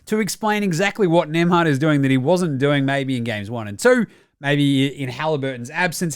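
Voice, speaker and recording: A man's voice: fairly high pitch, expressive, normal speed, smooth, no room sound, studio quality. A man giving casual, profane sports commentary as a podcast host, sarcastic and acting out mock quotes. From Australia. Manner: sarcastic, swears freely, acts out mock quotes.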